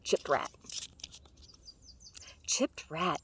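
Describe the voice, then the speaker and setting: Gravelly-voiced woman chatting outdoors. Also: low-pitched, normal speed, darkish tone, slight background noise. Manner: chatty, self-deprecating, laughs at her own jokes. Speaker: vlogger doing tarot card readings. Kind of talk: casual rambling chat. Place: outdoors among redwoods.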